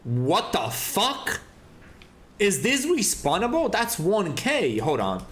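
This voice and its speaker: A man's voice: high-pitched, takes it slowly, echoey room. A man streaming a game and chatting casually, ranting with lots of swearing. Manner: profane, animated ranting. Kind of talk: casual chat while gaming.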